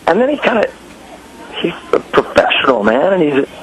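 A middle-aged man telling stories in casual chat, animated, acting out quotes in raised voices. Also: a little high, brisk, slight background noise, poor audio. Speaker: guest musician.

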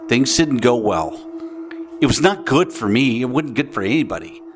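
A man's voice: mid-range voice, sing-song, moderate pace, a little hiss or hum. A middle-aged man telling a comic story, rambling and crude, interrupting himself. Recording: loud music underneath.

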